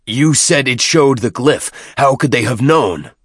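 A man's voice: mid-range voice, animated, unhurried, husky, dry recording, studio quality, pitched above the performer's own voice. A man voicing a proud male alien chieftain who speaks in a commanding, bellowing way.

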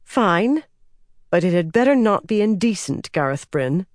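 A man reading an audiobook, voicing a sharp-tongued, proud woman leader with crisp, exasperated retorts. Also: mid-range voice, big pitch swings, unhurried, dry recording, studio quality. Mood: tart.

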